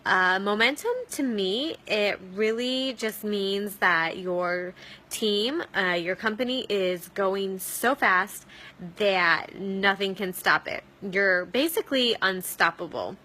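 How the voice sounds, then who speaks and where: A woman's voice: medium pitch, takes it slowly, sharp tone. A woman giving an upbeat motivational talk to her sales team, coaching with many ums. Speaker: network marketing team leader.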